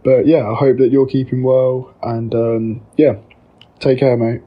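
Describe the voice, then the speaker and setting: A man's voice: mid-range voice, level tone, a little slow, lo-fi sound. A man sending a friendly, easygoing voice memo to a podcast. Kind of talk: recorded voice memo.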